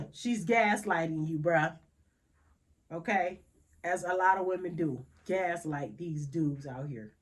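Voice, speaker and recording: Young woman host, blunt and profane, unhurried delivery. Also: lowish voice. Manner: blunt, profane, laughing, emphatic repetitions. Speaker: podcast host. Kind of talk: frank casual monologue.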